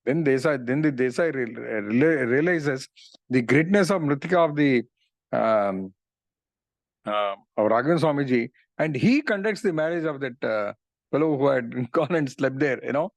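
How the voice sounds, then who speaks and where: A man's voice: mid-range voice, expressive, normal speed, creaky, no room sound. A middle-aged man, earnestly retelling devotional stories in a talk and often saying "you know". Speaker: speaker on religious philosophy.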